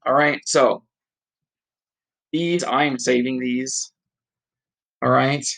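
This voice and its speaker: A man's voice: medium pitch, fairly even intonation, slow, creaky, a bit bright, rough recording. A man thinks aloud, reading course notes and practising a pronunciation in a casual study session. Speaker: online study blogger.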